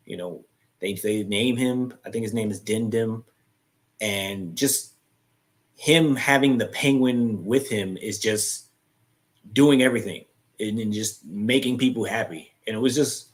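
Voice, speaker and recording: Give me a young man hosting a casual live chat, retelling a film's plot with restarts and quick quoted lines. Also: fairly low pitch.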